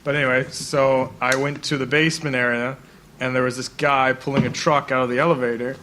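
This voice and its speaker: A man's voice: mid-range voice, level tone, a little fast, bright, forceful tone, slight background noise. A young man co-hosting a casual chat, laid-back, chiming in with short agreements and telling stories with exaggerated voices. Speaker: podcast co-host.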